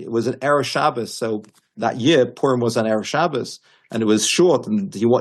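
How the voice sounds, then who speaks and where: A man's voice: medium pitch, vocal fry, breathy edge. A man giving a Torah class as a teacher, telling stories animatedly with frequent restarts and emphatic quotes.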